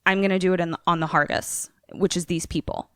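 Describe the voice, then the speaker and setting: A woman's voice: lowish voice, quick pace, clear, resonant tone, dry recording, clean studio sound. A young adult woman, a podcast co-host, casually recapping a film and acting out the characters' lines. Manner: animated storyteller, acts out characters' lines.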